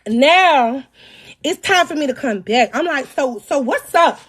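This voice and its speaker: A woman telling an animated, profane personal story in a storytime vlog, breaking into dramatic shouts. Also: high voice, unhurried.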